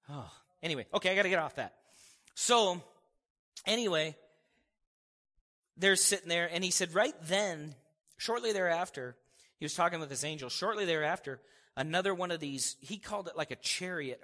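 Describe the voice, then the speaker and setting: A man preaching in an animated, conversational way, chuckling often as he makes his points. His voice is bright and somewhat high for a man. It rings with the long reverb of a church hall. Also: normal speed. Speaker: pastor. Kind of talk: sermon.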